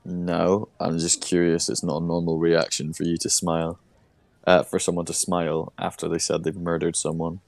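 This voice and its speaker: A man playing a character in a tabletop game, speaking hesitantly with many pauses and restarts. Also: deep voice, monotone, vocal fry, darkish tone, no echo. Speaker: player. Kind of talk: in-character tabletop role-play.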